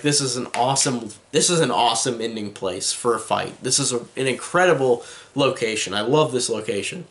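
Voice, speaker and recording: A man's voice: medium pitch, fairly bright tone. A young adult man giving a casual spoken film review, rambling and enthusiastic, with frequent restarts and filler words. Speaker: movie reviewer.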